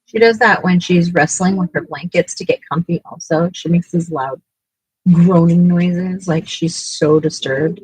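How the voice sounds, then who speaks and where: A woman's voice: on the low side, unhurried, darkish tone, slightly rough, no room sound, low-quality recording. A woman chatting casually while painting at home, cooing sing-song at her dogs. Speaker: artist and vlogger.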